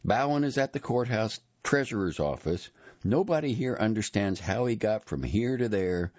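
A man's voice: fairly low pitch, animated, moderate pace, a little mellow, dry recording, highs cut off, voice pushed up. A male narrator voicing a curt, irritated woman bank employee who speaks brusquely and dismissively.

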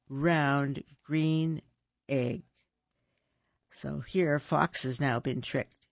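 A storyteller reading a children's picture book aloud in a slow, rhythmic, sing-song way. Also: medium pitch, gravelly, no echo, highs cut off.

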